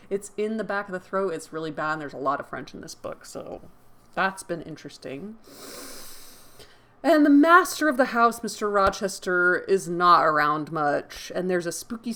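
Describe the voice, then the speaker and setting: An American woman hosting a book channel, recapping a novel in a chatty, animated way with blunt opinions and mild swearing. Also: lowish voice. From United States. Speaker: host and book reader. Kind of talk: casual chat recapping a novel.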